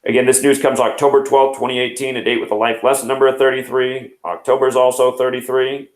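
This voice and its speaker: A man's voice: medium pitch, flat delivery, roomy sound, rough recording. Man in his thirties rattling off numbers. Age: 30s. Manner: rapid, number-heavy explaining. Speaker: host. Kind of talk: numerology news commentary.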